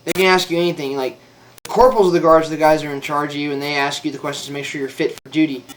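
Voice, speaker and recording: A man's voice: on the high side, fairly even intonation, rapid-fire, recorded from a distance. Rambling, profane young guy telling a story. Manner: rambling, profane, full of "like" and "dude". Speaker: former Marine telling a story. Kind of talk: casual storytelling.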